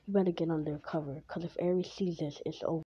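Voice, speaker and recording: A woman voicing a cold, indifferent teenage boy hero who talks in a flat, unbothered way. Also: low voice, fast, natural voice. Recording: dull lo-fi with faint hiss.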